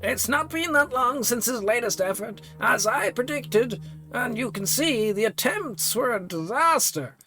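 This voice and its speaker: A man voicing an aging male priest in a game, with failing eyes and sharp wits, who talks in a fussy, stammering, mildly sarcastic way. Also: very high-pitched, animated, unhurried, over music, voice pushed up, exaggerated voice, rough recording. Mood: wry, worried.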